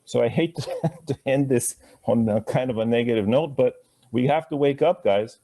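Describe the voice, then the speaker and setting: In a warm, mid-range voice, a man walks a live class through Sanskrit pronunciation. His conversational style mixes slow, stretched-out demonstrations of words with chuckling, playful asides.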